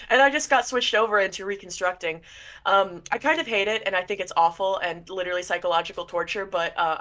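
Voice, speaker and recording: A woman voicing a sad, gentle dead father who misses his family and talks haltingly. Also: medium pitch, lightly acted. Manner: halting, full of fillers and restarts.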